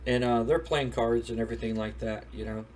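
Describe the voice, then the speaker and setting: A man's voice: medium pitch, steady tone, brisk, a little hiss or hum. A man casually recapping a wrestling simulation game playthrough in a rambling, storytelling way. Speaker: game streamer.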